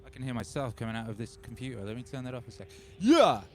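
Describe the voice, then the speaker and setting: A man in his forties from England, hosting a home livestream in an excitable, rambling way, talking into a microphone run through a DJ mixer. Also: mid-range voice, very fast. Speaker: livestream host and DJ. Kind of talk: casual livestream chat. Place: home studio. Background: faint music bed.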